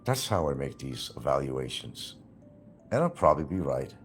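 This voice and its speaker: A man's voice: a bass voice, big pitch swings, normal speed, soft background music. A man ranting on a livestream, taunting and sarcastic, swearing and chuckling at the person he attacks. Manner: taunting, profane, sarcastic, laughing at his target. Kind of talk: livestream rant.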